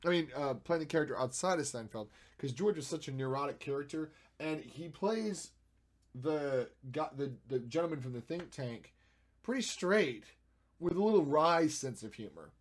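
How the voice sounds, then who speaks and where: A man streaming while he edits photos, chatting and thinking aloud, with playful sound effects and jumps between loud and quiet. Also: a little high, animated, normal speed. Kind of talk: casual live-stream commentary.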